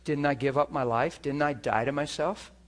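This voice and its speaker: A man's voice: mid-range voice, moderate pace. A man preaching a sermon, telling an earnest testimony to his church with emphatic rhetorical questions. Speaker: pastor.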